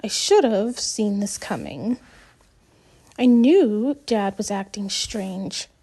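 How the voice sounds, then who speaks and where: A woman reading an audiobook, voicing a teenage son who speaks in a measured, steady way to comfort his mother. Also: mid-range voice, breathy edge. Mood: earnest. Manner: measured, trying to stay calm. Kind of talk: audiobook character voice.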